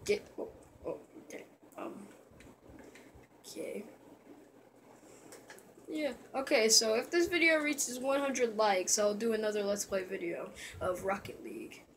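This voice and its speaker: A man casually commentating a let's-play video, rambling and excitable, often trailing off into mumbled asides. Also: high-pitched, measured pace, long pauses, a little hiss or hum. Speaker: gameplay commentator.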